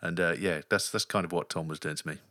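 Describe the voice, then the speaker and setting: Male podcast host, wry storyteller; low voice, bright tone, dry sound. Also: fairly even intonation, fast, no room sound. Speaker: podcast host, flag football player. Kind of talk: casual chat.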